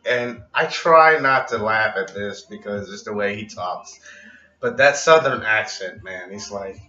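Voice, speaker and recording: Bright-voiced man in an echoey room. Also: fairly low pitch, a little slow. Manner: rambling, profane, wry. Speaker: vlogger reviewing wrestling. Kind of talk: casual review vlog. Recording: echoey, dull, distant with music.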